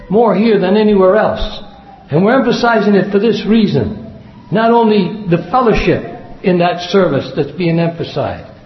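A man preaching a sermon in an earnest way, repeating key phrases for emphasis. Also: sits high. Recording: echoey hall, dull lo-fi sound.

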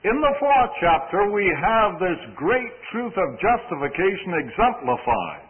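A man giving an expository Bible study sermon, deliberate and emphatic, stressing single words as he explains a passage. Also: high-pitched, big pitch swings, slightly rough. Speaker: Bible teacher. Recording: old phone-like recording in a reverberant hall.

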